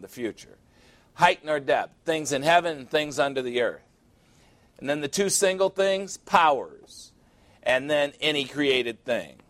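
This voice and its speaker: A male pastor preaching a sermon, emphatic and deliberate, repeating phrases for effect. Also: a little high, no room sound.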